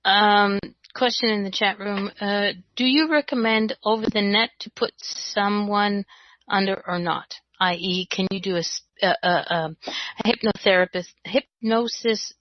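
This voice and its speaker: A woman's voice: medium pitch, measured pace, dry recording. Woman host, chatty and rambling, dry muffled call audio. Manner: chatty, filler-heavy. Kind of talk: casual panel chat. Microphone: video call. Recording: dull online call audio.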